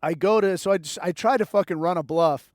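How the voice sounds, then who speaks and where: Podcast host, male, high-pitched, wry and foul-mouthed storyteller, dry close sound. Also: fairly quick, no echo. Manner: profane, rambling, wry. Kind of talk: casual storytelling monologue.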